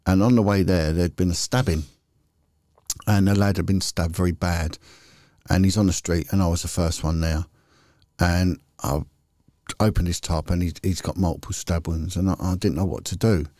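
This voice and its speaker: Deep-voiced man telling candid stories. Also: steady tone, moderate pace, mellow, dry recording, clean studio sound. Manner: candid, rambling, chatty with frequent restarts. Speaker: podcast guest, former police detective. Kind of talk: casual anecdotal storytelling.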